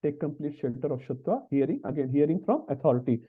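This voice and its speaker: A man's voice: fairly high pitch, animated, quick pace, slightly rough. A man teaching an online scripture class, chatty and asking little tag questions. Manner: conversational, frequent tag questions. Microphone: video call. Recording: tinny phone-like call audio.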